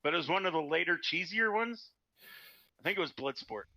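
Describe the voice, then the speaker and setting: A man telling jokes at a tabletop game, animated and quick to laugh. His voice sits a little high, bright and forceful, with lively swings in pitch. The recording is dry and slightly dull. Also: vocal fry, dry recording. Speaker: player. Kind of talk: casual chat, joke telling.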